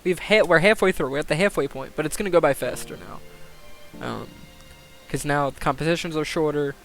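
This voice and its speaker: A young man commentating a game simulation on a live stream, excitable, swearing and thinking aloud. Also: fairly high pitch, a little fast, soft background music.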